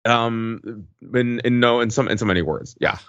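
A man's voice: medium pitch, normal speed, a bit bright, clean tone, no room sound, dull audio. A man in his forties hosting a podcast in casual chat, rambling with lots of fillers and restarts. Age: 40s. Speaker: podcast host.

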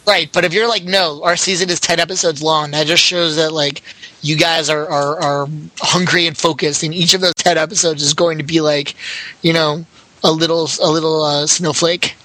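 A man's voice: on the high side, flat delivery, normal speed, pushed and bright, rough recording. A man co-hosting a casual chat show, thinking aloud and filling his sentences with "like". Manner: musing, heavy use of "like". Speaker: podcast co-host.

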